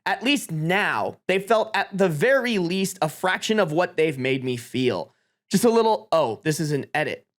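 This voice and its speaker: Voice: medium pitch, expressive, normal speed. A live streamer reading Reddit posts aloud to chat, with reactions. Swears freely and laughs often. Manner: talks to chat.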